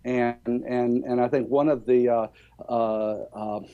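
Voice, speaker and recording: An older man with a Southern accent, answering interview questions about education in a halting way, with many fillers and restarts. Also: medium pitch, steady tone, phone-quality sound. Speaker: education speaker.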